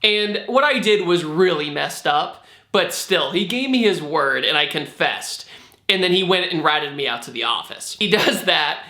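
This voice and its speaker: A young man telling a storytime vlog, animated and acting out the people in it. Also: high-pitched, unhurried. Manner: animated, acts out quotes. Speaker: vlogger. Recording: echoey room.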